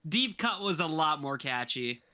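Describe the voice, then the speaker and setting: A young man co-hosting a casual podcast, chatting in loud, giggly banter. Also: fairly high pitch, big pitch swings, moderate pace. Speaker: podcast co-host. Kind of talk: casual chat.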